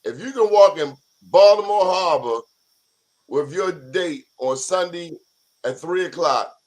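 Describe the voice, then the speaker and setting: A man co-hosting a casual talk show, pitched a little higher than most men. He jokes and teases his way through the chat in an easygoing, conversational manner. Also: lively intonation, measured pace, a little mellow. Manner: joking, teasing.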